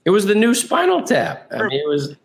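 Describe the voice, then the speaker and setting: A man's voice: high voice, wildly swooping pitch, a little fast, creaky. A man co-hosting a podcast in casual chat, chiming in with short, laid-back remarks. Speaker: podcast co-host.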